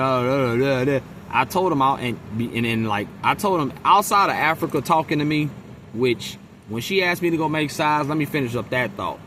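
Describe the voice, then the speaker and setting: A man's voice: on the high side, fairly bright tone, slight background noise. A man venting in a casual monologue to camera, blunt and profane, mimicking his coworkers. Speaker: vlogger.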